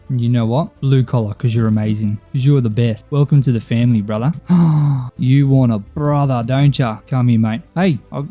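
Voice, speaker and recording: Dark-voiced man narrating gameplay. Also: medium pitch, brisk, hardly any pauses, faint music behind. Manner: chatty, excitable, talks to himself and to in-game pets. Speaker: gaming YouTuber. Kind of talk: casual gameplay commentary.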